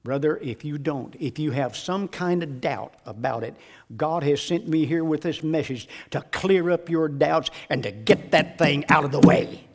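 A man preaching a sermon in a dramatic way, dropping to a hush and then rising to shouts. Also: fairly high pitch, moderate pace. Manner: dramatic, swings from hushed to shouting.

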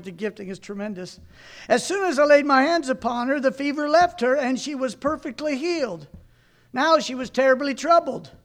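A man preaching fervently, reading aloud from a book and stopping to comment, with exclamations of praise. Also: extremely high pitch.

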